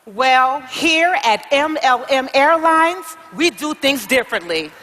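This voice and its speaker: A woman's voice: high-pitched, expressive, slow pace, a bit bright, big-room sound, slight background noise, full character voice. A woman playing an airline check-in agent who exclaims and coaxes with preachy encouragement in a motivational comedy skit. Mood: coaxing.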